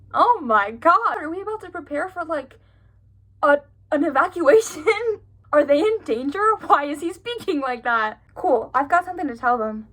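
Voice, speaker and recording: Her voice sits high and fairly bright as this young woman works through her childhood stories aloud. She keeps breaking off into giggly, sarcastic remarks of disbelief.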